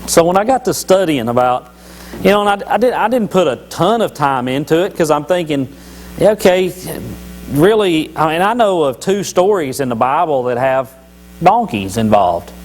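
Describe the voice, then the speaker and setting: A man's voice: mid-range voice, slight background noise, rough recording. A man giving a folksy, joking devotional talk at church, telling Bible stories with many restarts. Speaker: lay church speaker.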